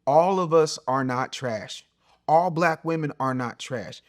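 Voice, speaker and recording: A middle-aged man lectures straight to camera in a blunt, preachy advice monologue. His voice sits a little higher than most men's, and he swings from loud, punchy jabs down to low, quiet asides. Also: a little slow. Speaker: host and relationship coach.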